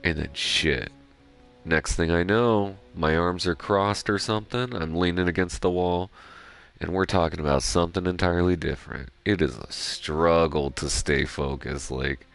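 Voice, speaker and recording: Rambling gamer guy with an extremely low, gravelly voice, swears a lot, casual stream talk. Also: steady tone, moderate pace, a bit bright. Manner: rambling, swears freely, self-reflective. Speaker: gaming streamer. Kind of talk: casual chat while playing.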